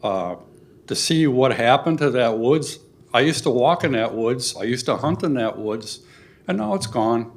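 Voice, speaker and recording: A man's voice: mid-range voice, expressive. Earnest older man at public meeting. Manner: earnest, halting, emotional. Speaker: resident giving public comment. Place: city council chamber.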